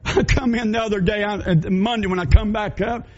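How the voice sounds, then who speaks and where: A man preaching a sermon in a high voice. He tells stories in a folksy way and builds to fiery warnings. The recording is dull and lo-fi. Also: fairly even intonation, brisk. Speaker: pastor.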